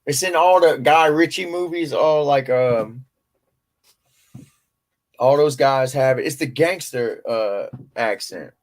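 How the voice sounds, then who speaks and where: A man's voice: mid-range voice, takes it slowly. Joking man chatting casually. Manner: loose, joking, swearing, trailing off. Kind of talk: casual chat.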